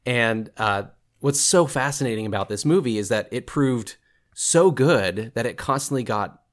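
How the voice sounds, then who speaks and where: A man's voice: mid-range voice, lively intonation, moderate pace. A man in his thirties talking as a guest on a podcast, enthusiastic and laughing often. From Southern California. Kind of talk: casual interview chat.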